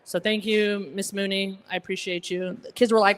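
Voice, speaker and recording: A woman's voice: mid-range voice, flat delivery, brisk, hardly any pauses. A woman from Egypt, raised in Alabama, with an American accent like someone from Connecticut, doing a stand-up comedy set at a gala and teasing the crowd. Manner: chatty, teasing the crowd, self-deprecating. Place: banquet hall with a live audience.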